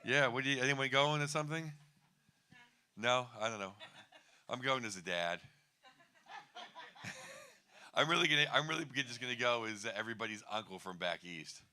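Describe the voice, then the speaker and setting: A man's voice: mid-range voice, big pitch swings, moderate pace, pauses often, pushed and bright. A middle-aged man doing a stand-up set, wry and self-deprecating, chuckling at his own lines. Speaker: stand-up comedian.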